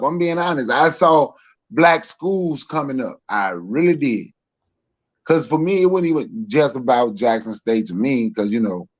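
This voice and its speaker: A man's voice: medium pitch, rough recording. Laughing Southern man on a phone. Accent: Southern American. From Mississippi. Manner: laughs often, chuckling between points. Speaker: guest. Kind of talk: casual podcast chat.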